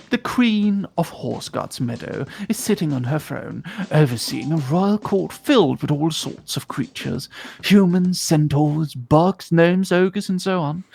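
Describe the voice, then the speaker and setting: A woman streaming a game, narrating an interactive story in a lively, quick casual way. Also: low voice, creaky. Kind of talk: casual narration of a choose-your-own-adventure.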